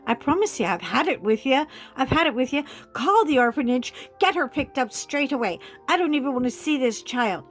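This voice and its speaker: A woman's voice: high-pitched, very animated, brisk, few pauses, soft background music, pitched above the performer's own voice. A woman voicing a furious middle-aged mother who scolds and repeats herself. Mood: furious scolding.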